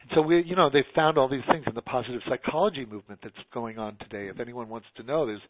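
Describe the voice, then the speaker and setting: A man's voice: mid-range voice, fast, no echo. A man from New York talking earnestly in a casual conversation, rambling with many restarts. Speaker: guest. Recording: tinny phone-like line.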